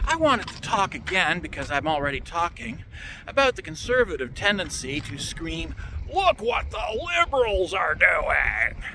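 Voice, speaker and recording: A man's voice: sits high, sharp tone, a little hiss or hum. A man from Canada giving a sarcastic, ranting political monologue straight to the camera. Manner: sarcastic, ranting, mocks opponents. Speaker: political commentator. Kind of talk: solo opinion monologue.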